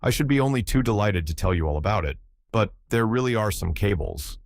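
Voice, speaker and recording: A man's voice: on the low side, lively intonation, brisk. A man voicing a nervous, evasive male secretary who stammers and hesitates over his words. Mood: flustered. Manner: flustered, stammering with hesitant ers. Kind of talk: audiobook character reading.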